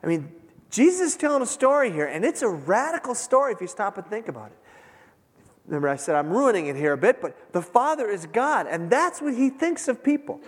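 A man preaching a sermon, retelling a scripture story with dramatic pauses and emphasis. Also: high voice, big pitch swings. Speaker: pastor. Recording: long hall reverb.

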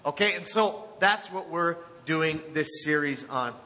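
Bright-voiced joking pastor in a hall. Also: male voice, on the high side, expressive, measured pace. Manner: joking, chatty, laughs often. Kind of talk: sermon. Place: church sanctuary.

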